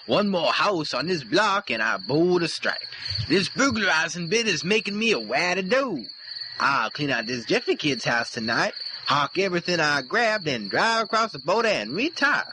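A man's voice: sing-song, moderate pace, noisy background. A man playing a boastful, bossy male burglar in an amateur comedy skit, swaggering and theatrical. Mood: gloating. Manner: swaggering, theatrical swings in pitch.

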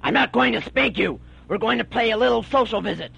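In a homemade comedy radio play, a man voices a stern father who is all gravel and grit. His voice is deeply rasped and husky, and he speaks in a high-set, commanding bark. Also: lively intonation, fairly quick, a bit bright, highs cut off, heavily acted. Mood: gruff. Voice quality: gravelly, raspy. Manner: gruff and commanding.

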